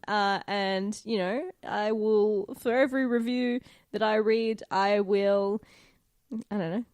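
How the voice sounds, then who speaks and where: A woman's voice: mid-range voice, unhurried, no echo, studio quality. A woman co-hosting a podcast in casual banter, giggly and given to swearing while she tells stories. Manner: giggly, swearing, animated storytelling. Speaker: podcast co-host.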